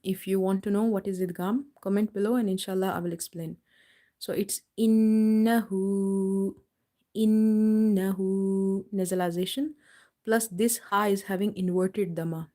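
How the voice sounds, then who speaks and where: Woman, recitation teacher on a live class; mellow, warm tone, patient explainer who stretches words slowly to demonstrate. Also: medium pitch, fairly even intonation. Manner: explains patiently, then slowly drawls out words to model pronunciation. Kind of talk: live online tajweed lesson. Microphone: live stream mic.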